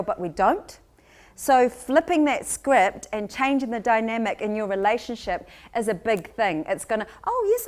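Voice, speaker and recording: Kiwi woman presenting to a crowd, a bit high voiced, teasing, drops in māori words. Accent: New Zealand. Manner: warm teasing, mixing Māori phrases into English. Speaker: co-presenter of a language workshop. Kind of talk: casual presentation to a live audience.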